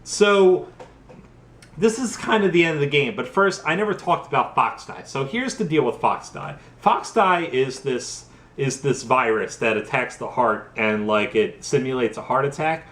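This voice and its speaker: A man's voice: mid-range voice, lively intonation, moderate pace, fairly bright tone. A tipsy man rambling through a profane, casual recap of a game's story, full of fillers. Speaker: host. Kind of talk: drunk casual game recap. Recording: echoey room.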